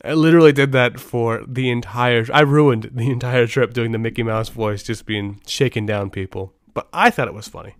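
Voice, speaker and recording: Rambling podcast host, smooth dry voice. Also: male voice, medium pitch, fairly even intonation, normal speed, hardly any pauses, dry recording. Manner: rambling, many restarts and asides. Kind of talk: casual podcast storytelling.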